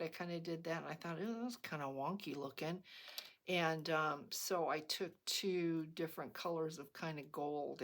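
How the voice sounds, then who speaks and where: A middle-aged woman hosting a crafting video walks through a project in a relaxed, rambling tutorial, often pausing on an um or restarting a sentence. Her voice sits a little low for a woman, has vocal fry, and moves at an unhurried, slow pace.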